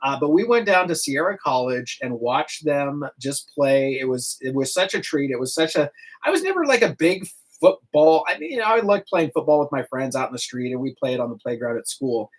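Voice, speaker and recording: A middle-aged man hosting a morning radio show, chatting casually and rambling with animated asides. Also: medium pitch, brisk.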